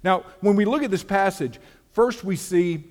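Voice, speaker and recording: A man's voice: sits high, moderate pace, a little mellow. A man preaching a sermon as pastor, earnest and conversational, often repeating words as he builds his point. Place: church sanctuary. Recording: long hall reverb.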